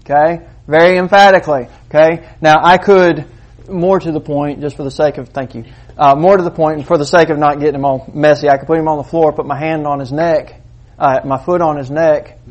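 A man preaching a sermon, moving between quiet asides and loud, emphatic points. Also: on the high side, steady tone, fairly quick. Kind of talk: sermon with demonstration.

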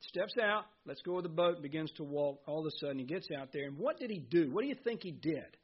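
A man's voice: a little high, animated, fast talker, slightly rough, lo-fi sound. A man preaching a sermon as pastor, reading scripture and asking his listeners questions. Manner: earnest preaching, reads scripture aloud, asks the congregation questions.

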